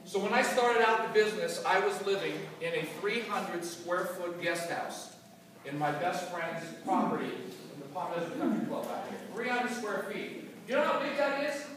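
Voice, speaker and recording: Man, high voice, motivational speaker, animated storytelling, booming hall reverb, distant mic. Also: moderate pace, noisy background. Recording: echoey hall from far off.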